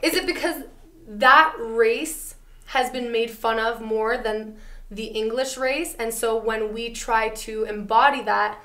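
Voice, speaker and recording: A woman's voice: fairly high pitch, fairly bright tone. A woman hosting a casual podcast, chatty and curious, asking questions and laughing easily. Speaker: podcast host.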